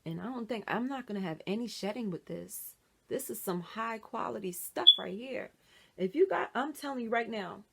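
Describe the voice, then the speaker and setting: A woman's voice: a little high, gravelly, slightly rough. A middle-aged woman chatting casually in a wig unboxing vlog, talking to viewers as y'all, dropping into whispers and squealing with delight. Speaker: wig reviewer.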